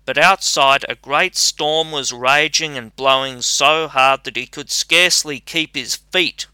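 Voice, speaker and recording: A man reading a fairy tale aloud as an audiobook narrator, measured and deliberate, on a close mic. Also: on the high side, pushed and bright, smooth, no echo. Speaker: audiobook reader. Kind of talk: scripted storybook narration.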